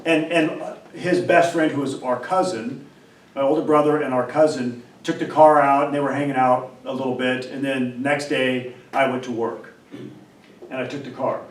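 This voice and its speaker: A man, a professor, talking in an animated, emphatic way and telling a story, often repeating and restarting words. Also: mid-range voice, moderate pace. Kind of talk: animated casual discussion and storytelling. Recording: roomy, distant mic, faint background noise.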